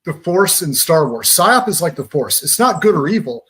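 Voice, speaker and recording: A man's voice: on the high side, sing-song, moderate pace, fairly bright tone. A man from Georgia, a guest on a radio talk show, explaining things in a conversational, analytical way and using pop-culture analogies.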